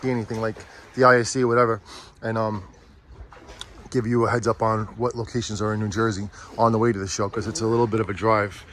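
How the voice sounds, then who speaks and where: A man vlogging as a father while unboxing a prop with his kids, chatty and teasing, easily excited. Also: lowish voice, fast talker, slight background noise. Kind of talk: casual chat.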